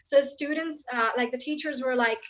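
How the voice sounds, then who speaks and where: A young woman speaking as a guest in an online question session, chatty and quick, with many fillers. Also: sits high, fairly bright tone. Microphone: video call. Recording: dull lo-fi online call audio.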